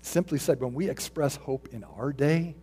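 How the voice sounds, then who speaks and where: Man, pastor, husky voice, earnest evening sermon. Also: medium pitch, moderate pace, dark tone. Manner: earnest preaching, reading scripture and quotes aloud.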